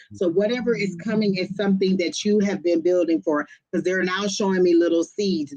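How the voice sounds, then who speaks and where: A woman reading tarot live for viewers, talking quickly and directly to her audience in a lively, chatty way. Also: lowish voice, highs cut off. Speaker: tarot and psychic reader.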